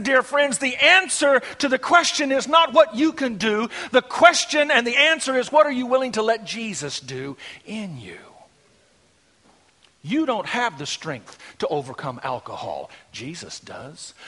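A man preaching a sermon, shifting between hushed, intimate lines and loud, emphatic declarations. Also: extremely high pitch.

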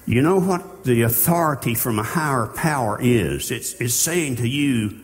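A man preaching a sermon in a slow, earnest way, with halting restarts. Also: mid-range voice, animated, a little hiss or hum. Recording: long hall reverb.

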